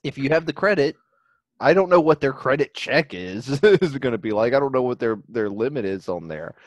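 A man co-hosting a casual podcast, talking in a middle pitch. He rambles, circles back and restarts sentences as he works out his point. His voice is close and dry, with no room sound. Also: expressive, moderate pace, no echo. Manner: rambling, restarts and trails off mid-thought. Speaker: podcast co-host.

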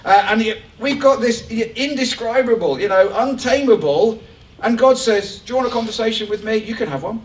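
A man preaching a lively, joking sermon to his church congregation. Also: high-pitched, a little hiss or hum. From England. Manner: animated, joking, rising excitement. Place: church hall. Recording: echoey church hall from far off.

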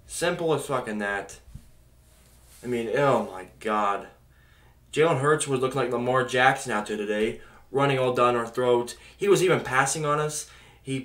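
A man's voice: medium pitch, a bit bright. A man ranting angrily as a sports fan, exasperated, swearing and sighing as he vents about his team. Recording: echoey room.

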